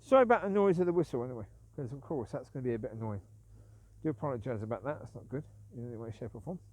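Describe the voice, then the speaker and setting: A man's voice: mid-range voice, lively intonation, racing, a little mellow. A man talking to camera in a rambling, casual vlog monologue, aggrieved and self-justifying, repeating himself, while outdoors with his dogs. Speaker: vlogger.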